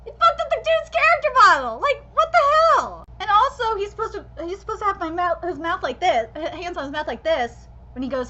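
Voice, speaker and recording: A woman's voice: extremely high pitch, sing-song, moderate pace, bright, forceful tone, dull audio. A woman giving live reaction commentary as a streamer, critiquing passionately with lots of swearing. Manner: passionate, profane ranting critique.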